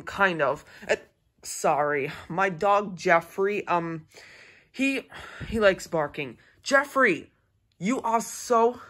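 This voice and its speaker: Man playing an Australian-accented Easter Bunny, rambling, slow, stumbles a lot. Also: sits high, bright, forceful tone. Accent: Australian (put on). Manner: rambling, says "mate", stumbles over words. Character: chatty male Easter Bunny. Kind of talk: improvised toy role-play.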